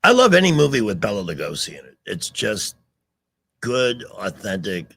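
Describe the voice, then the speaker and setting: Low gravelly man co-hosting radio talk. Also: huge pitch swings, moderate pace, fairly bright tone, dry recording. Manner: chatty, jokes along with co-host. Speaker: radio talk show co-host. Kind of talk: casual radio talk with callers. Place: radio studio.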